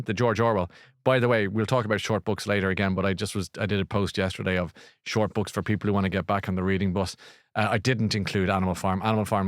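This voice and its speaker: A man's voice: on the low side, no room sound, clean studio sound. A middle-aged man hosting a book show, rambling and jokey with lots of fillers and restarts. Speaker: radio book show host. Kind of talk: casual chat.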